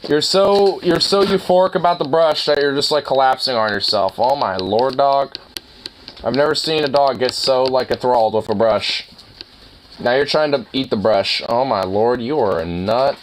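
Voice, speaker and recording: A man's voice: mid-range voice, moderate pace, slight background noise, rough recording. A young man at home chatting to his dog while brushing it, teasing and playful with crude swearing. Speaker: dog owner vlogger.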